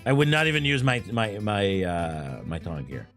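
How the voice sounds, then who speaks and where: A man with a French accent, chatting as a stream guest in an animated way with frequent vocal fry. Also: lowish voice, normal speed, faint music behind. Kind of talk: casual chat.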